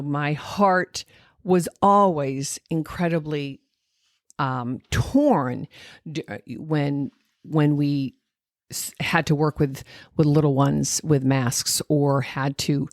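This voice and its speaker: A woman's voice: sits low, no room sound, clean studio sound. A woman hosting an educational podcast, explaining speech and language development and sounding out examples. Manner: explanatory, demonstrates sounds and intonation aloud, many fillers. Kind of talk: solo educational podcast talk.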